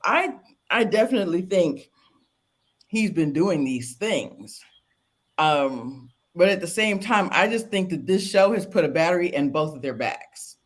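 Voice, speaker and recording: A woman co-hosting a laid-back reality TV review show. She talks in a chatty, conversational way, full of fillers and quick laughs. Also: on the low side, lively intonation. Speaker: co-host. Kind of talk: casual reality TV review chat.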